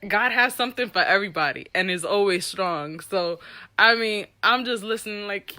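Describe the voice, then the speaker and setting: A young woman telling a candid personal story with an animated, profane delivery, acting out the people she quotes. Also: medium pitch, moderate pace. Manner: animated, profane, reenacts dialogue.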